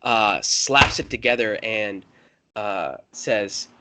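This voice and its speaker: A man's voice: fairly low pitch, moderate pace, sharp tone. Easygoing male game master. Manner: hesitant, many fillers. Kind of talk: narrating a tabletop game.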